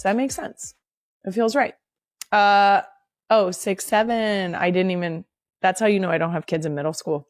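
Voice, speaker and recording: A woman's voice: medium pitch, measured pace, soft background music. Blunt, candid woman podcast host. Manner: blunt, candid, swears for emphasis. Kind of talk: casual podcast chat.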